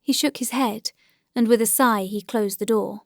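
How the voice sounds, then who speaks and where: A woman's voice: on the high side, normal speed, gravelly, no echo, studio quality. Woman reading a classic novel aloud. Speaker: audiobook narrator. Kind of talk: scripted narration of a classic novel.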